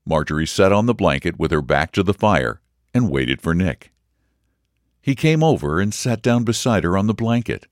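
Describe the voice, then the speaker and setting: A man reading a story aloud in a measured, expressive narration. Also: low-pitched, no echo, clean studio sound. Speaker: audiobook reader. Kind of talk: scripted narration.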